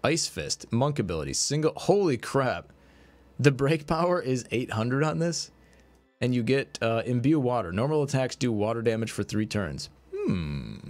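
A man streaming a mobile game, commentating his card pulls, swinging between excited hype and deflated mumbling. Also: mid-range voice.

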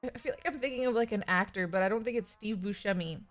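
A woman's voice: medium pitch, fast, soft background music. A young woman streamer giving casual, chatty commentary while playing a game, swearing and laughing often.

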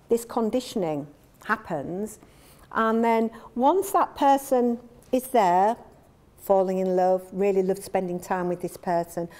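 A woman's voice: medium pitch, darkish tone. A woman, a domestic abuse trainer speaking earnestly to an audience and explaining patterns with examples. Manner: earnest, explanatory, acts out quoted dialogue.

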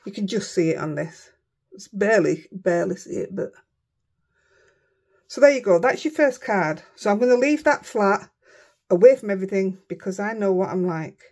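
Gravelly Yorkshire woman chatting while crafting. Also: medium pitch, expressive, moderate pace, a little mellow. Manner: chatty, self-mocking, often mutters under her breath. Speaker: craft vlogger. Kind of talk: casual chat while crafting.

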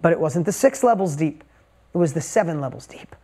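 A man's voice: on the high side, expressive, a little fast, mellow. A middle-aged man giving an emotional, emphatic motivational talk, telling a personal story and repeating words for punch. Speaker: motivational speaker.

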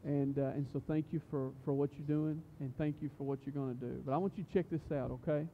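A fairly high-voiced man leads a youth service in church, preaching loosely and cracking jokes. He stumbles through fillers and restarts. The recording sounds dull and lo-fi. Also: steady tone, fast talker, a little hiss or hum. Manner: chatty, joking, full of fillers and restarts. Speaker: youth pastor. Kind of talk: casual youth sermon. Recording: muffled lo-fi recording.

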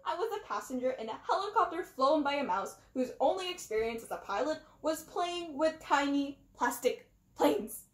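A woman gives an animated storybook read-aloud, with a high voice that leaps all over. She acts out the first-person narrator as she goes. The recording has a roomy, echoing sound. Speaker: storybook reader. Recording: roomy echo.

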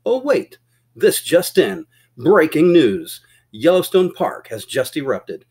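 Storybook radio announcer, loud punchy broadcast style, voiced by narrator. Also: male voice, on the high side, big pitch swings, slow, slightly rough, voice pushed up, heavily acted. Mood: announcing. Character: brisk male radio traffic announcer.

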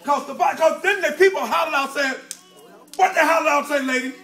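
A man preaching a sermon in a fiery call-and-response style, shouting at times and dropping low at others. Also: fast, creaky.

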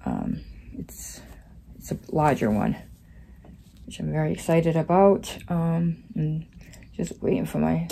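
A woman's voice: sits low, expressive, slow pace, creaky, pauses often, mellow, slight background noise. A woman hosting a casual crafting vlog, chatty and rambling, with plenty of fillers as she talks. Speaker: crafting channel host.

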